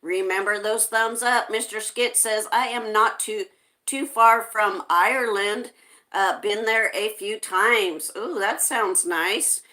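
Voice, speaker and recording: A woman's voice: medium pitch, slow pace, pushed and bright. A woman hosting a casual livestream, reading viewer comments aloud and greeting people in a friendly way. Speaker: livestream host reading chat.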